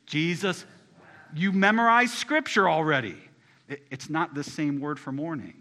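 A male pastor preaching a sermon in a bright, forward voice. He keeps his phrasing casual and talks directly to the congregation. He drops to hushed lines and then climbs to loud, rising ones. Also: fairly high pitch, measured pace.

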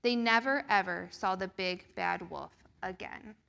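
A woman reading a picture book aloud to children during a church service, slow and expressive. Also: medium pitch, vocal fry. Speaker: children's storyteller.

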